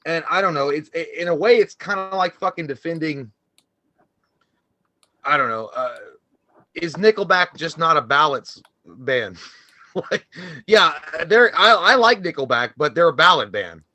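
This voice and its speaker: A man's voice: on the high side, animated, moderate pace, sharp tone, no room sound. A man co-hosting a casual movie podcast, ranting heatedly and profanely with lots of restarts. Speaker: co-host.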